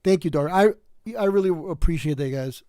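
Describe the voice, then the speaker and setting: Tired New York man, livestream host; raised voice, dark mellow tone, dead-dry sound, rambling delivery. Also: a little high, a little fast, clear, resonant tone, no room sound. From South Bronx, New York. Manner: rambling, many fillers and restarts. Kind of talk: casual livestream chat.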